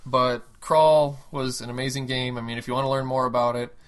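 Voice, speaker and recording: A man co-hosting a casual gaming podcast, mid-pitched and easygoing. He rambles with excitement about games and cracks jokes with his co-host. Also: brisk. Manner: enthusiastic, jokey, rambling.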